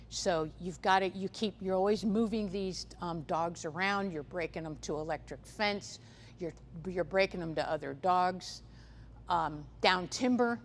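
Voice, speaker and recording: A woman giving a conference seminar on livestock guarding dogs, talking casually with many fillers and restarts. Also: on the low side. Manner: conversational, frequent "um" fillers and restarts. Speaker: seminar speaker on livestock predators. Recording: echoey hall, faint background noise.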